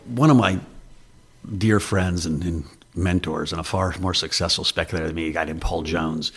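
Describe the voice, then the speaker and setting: A man with a low, deeply husky voice talks as an interview guest. He tells loose, self-deprecating stories in a candid, conversational way. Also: steady tone, normal speed. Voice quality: raspy. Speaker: investor guest.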